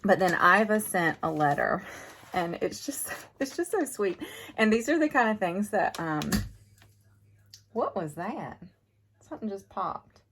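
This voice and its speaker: With a sing-song, mid-range voice that's a bit bright, this middle-aged woman talks unhurriedly with long pauses about her farm family life, slight background noise behind her. Chatting casually and heartfelt with viewers, she drifts into emotion.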